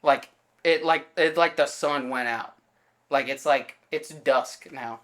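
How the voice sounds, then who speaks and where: A man's voice: mid-range voice, takes it slowly, fairly bright tone. A man co-hosting a podcast in casual chat, telling a story and acting out the quoted lines of everyone in it, with loose fillers and self-corrections. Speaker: podcast co-host.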